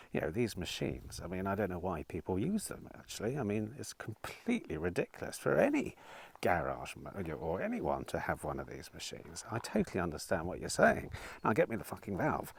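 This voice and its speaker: A man's voice: low-pitched, gravelly, breathy edge. A man, a used car dealer chatting casually to camera, telling stories with dry sarcasm and plenty of swearing. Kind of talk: casual vlog monologue.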